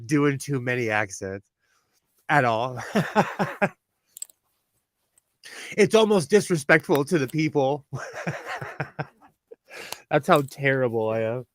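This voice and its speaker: Taking his time with long pauses, a Californian man with a youthful, medium-pitched voice chats expressively on his sewing livestream. He laughs often and keeps restarting his sentences, and the audio has no echo.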